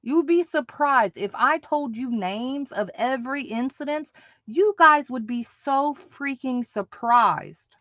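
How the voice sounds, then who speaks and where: A woman's voice: sits high, takes it slowly, fairly bright tone, dry recording, muffled recording. A woman hosting an online craft market, ranting in an emphatic, repetitive, indignant way to her viewers. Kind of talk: ranting livestream monologue.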